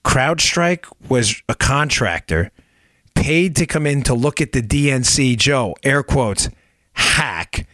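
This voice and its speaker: A man's voice: medium pitch, expressive, slow, a bit bright, no echo, clean studio sound. A man hosting a political podcast, talking emphatically and sarcastically, firing rhetorical questions at his listeners. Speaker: podcast host. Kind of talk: political commentary monologue.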